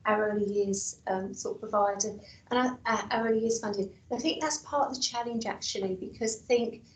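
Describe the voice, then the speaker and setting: A woman council officer with a hoarse, failing voice, explaining at a committee meeting. She talks hesitantly, repeating words and using many fillers. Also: a little high, fairly quick, echoey room, far from the mic, low-quality recording. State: losing her voice, coughing.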